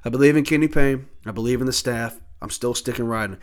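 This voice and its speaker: A man in his thirties ranting alone about college sports, swearing often, irritated and heated, with sudden loud outbursts. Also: mid-range voice, fast talker. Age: 30s. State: annoyed. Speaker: sports talk host. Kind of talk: solo sports rant.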